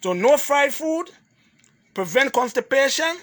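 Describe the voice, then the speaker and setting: Male holistic health lecturer, high bright voice, hammers points home in repeated lists, laughs between points. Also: animated, a little slow. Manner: emphatic, repetitive, drills points in lists. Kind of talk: health lecture to a live audience.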